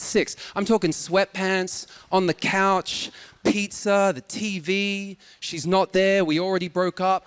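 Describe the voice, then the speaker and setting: A man in his thirties with a faded Australian accent, performing a deadpan stand-up comedy set on stage. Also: high voice, smooth. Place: stage with live audience.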